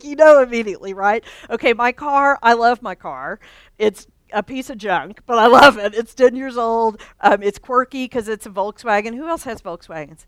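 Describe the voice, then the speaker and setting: Woman preacher, lively storyteller, slightly high, smooth clear voice, dry close sound. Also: moderate pace, no echo. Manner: animated storytelling, laughs often. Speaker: church staff speaker. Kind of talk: sermon with personal story.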